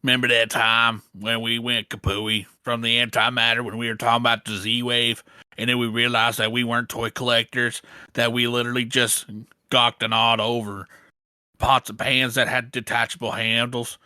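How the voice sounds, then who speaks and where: A man co-hosting a podcast, upbeat and quick to react in casual chat. His voice is bright and forceful, recorded close and dry with no room sound. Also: mid-range voice, little pitch movement, clear, resonant tone, no room sound. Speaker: podcast co-host.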